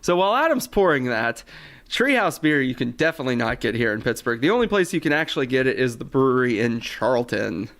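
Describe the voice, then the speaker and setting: A man chatting casually as a podcast guest, excitable and teasing. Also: medium pitch, brisk. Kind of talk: casual chat.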